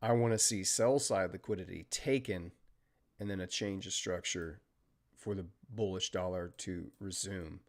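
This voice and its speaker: An American man hosting a live trading stream, chatting casually and talking through market moves, with fillers and trailing pauses. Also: sits low. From United States. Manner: steady technical market commentary. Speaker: trading livestream host.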